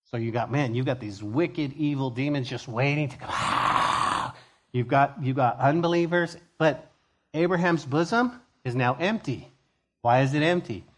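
A male pastor teaching a sermon verse by verse, conversational and expressive, moving from hushed to emphatic. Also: medium pitch, normal speed.

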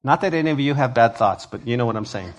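A man preaching a conversational sermon as pastor of a church, acting out quoted voices with lively energy. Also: medium pitch, fast talker. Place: church sanctuary.

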